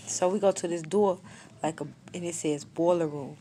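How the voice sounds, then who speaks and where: A woman's voice: on the low side, steady tone, normal speed, dark tone, slight background noise. A woman in her twenties telling a personal story in a casual vlog, in blunt, slangy, matter-of-fact talk that shows little emotion. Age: 20s. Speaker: storyteller vlogger. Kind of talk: casual story time monologue.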